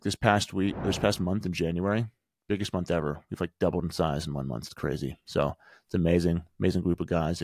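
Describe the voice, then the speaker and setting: A man's voice: low-pitched, darkish tone, no room sound, clean studio sound. A man in his thirties hosting a podcast, telling a personal story in an earnest, conversational way and driving home lessons with rhetorical questions. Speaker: podcast host and men's group coach. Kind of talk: motivational storytelling monologue.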